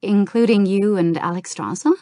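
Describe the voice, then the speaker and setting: A woman's voice: mid-range voice, moderate pace, dark tone, no echo, clean studio sound, voice pushed up, close to an everyday voice. A woman reading the lines of an earnest, wistful young woman mage in an audiobook.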